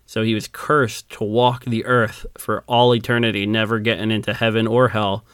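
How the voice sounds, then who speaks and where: Male podcast co-host, low voice, dry close mic, chatty storyteller who does little character voices. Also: little pitch movement, normal speed, a bit bright, clean tone, dry recording. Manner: laughs often, acts out quoted characters. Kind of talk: casual storytelling chat.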